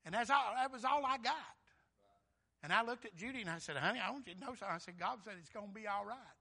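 An older man preaching a sermon, rising to shouts and dropping to a soft, quiet voice for his story. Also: high voice, fast, vocal fry, husky. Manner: swells to shouting when excited, drops soft and quiet for personal story.

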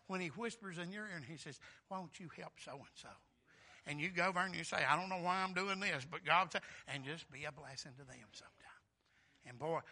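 A middle-aged man preaching a folksy sermon, telling stories and asking the congregation "Amen?" between emphatic bursts. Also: a little high. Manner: folksy storytelling, rising to loud emphatic bursts, frequent "Amen?" asides. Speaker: pastor.

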